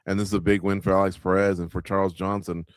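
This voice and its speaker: A man's voice: low voice, level tone, quick pace, smooth, no room sound, clean studio sound. A man hosting a live watch-along of a fight night, breaking down the action in a loose, conversational way and speaking straight to the viewers. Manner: conversational, talks to viewers, lots of filler words. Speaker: radio show host.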